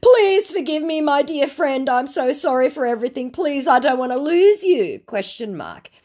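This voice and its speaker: Woman playing a fawning male scammer, high-pitched and pleading, drawn-out and syrupy. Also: very animated, a little mellow.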